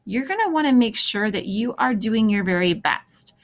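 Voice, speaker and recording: A woman's voice: mid-range voice, expressive, moderate pace. A woman teacher recording a tutorial for her students, talking them step by step through each click with practical, encouraging advice. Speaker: French teacher. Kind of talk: screen-recorded class tutorial.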